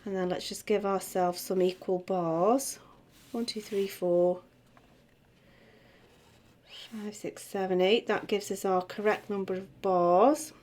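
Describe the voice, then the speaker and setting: Slow, chatty woman teaching. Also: mid-range voice, fairly even intonation, a little mellow. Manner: unhurried, chatty teaching with many fillers and restarts. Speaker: music theory teacher. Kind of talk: explaining a lesson to camera.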